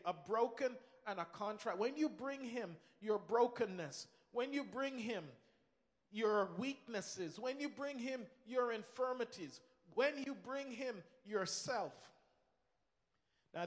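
A male preacher with a high voice speaks a little slowly, delivering an emphatic sermon with repeated phrases. A big hall gives his words a long reverb.

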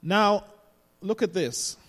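Male pastor, high-pitched, preaching with rising emphasis in a church with long reverb. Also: takes it slowly, a bit bright. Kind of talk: sermon. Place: church sanctuary.

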